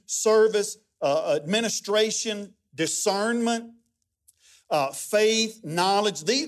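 A preacher with a notably high voice, middle-aged and folksy. He tells stories from the pulpit, dropping to a hush and then rising loud. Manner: storytelling, folksy, swings from hushed to loud. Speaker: guest pastor. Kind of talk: sermon.

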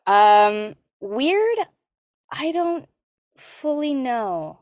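An American woman voice actor chatting casually in an interview, animated, laughing often and using many fillers. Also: high-pitched, very slow, dry recording, dull audio. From Hispanic American.

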